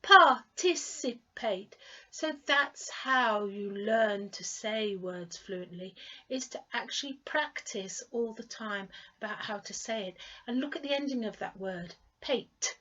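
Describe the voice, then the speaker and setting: Woman, British accent, pronunciation tutor, slow delivery, clearly drawn-out words, patient repetition, slightly muffled recording. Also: mid-range voice, a bit bright. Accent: British English. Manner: patient, repeats words for the learner to copy. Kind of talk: pronunciation lesson.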